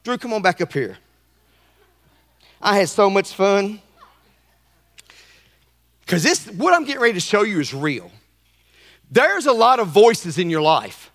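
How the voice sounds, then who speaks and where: A male pastor with a high, bright, forceful voice delivers a lively sermon. He is playful and keeps calling out to the congregation to answer him. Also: unhurried, long pauses. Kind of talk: lively sermon with a live demonstration.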